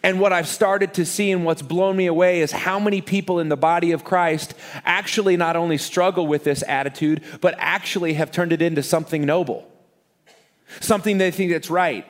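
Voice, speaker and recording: High-voiced animated pastor preaching. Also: male voice, a little fast. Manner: animated, self-deprecating, repeats words for emphasis. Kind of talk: sermon.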